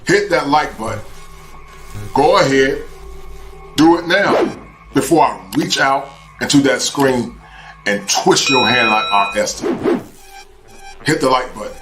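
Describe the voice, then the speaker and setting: A man voicing a loud bossy robot announcer. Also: medium pitch, animated, a little slow, pauses often, lightly acted. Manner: loud, commanding, mock-threatening. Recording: loud music behind a distant voice.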